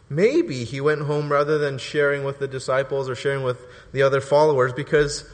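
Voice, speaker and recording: A man preaching a sermon, telling the story in a lively, joking way and acting out quotes. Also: medium pitch, a little fast, few pauses, big-room sound.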